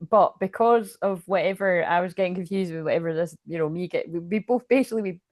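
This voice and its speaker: A woman's voice: lowish voice, fast, a little mellow, no room sound. A woman reading tarot in casual talk, rambling, swearing and laughing as she tells a story. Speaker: tarot reader.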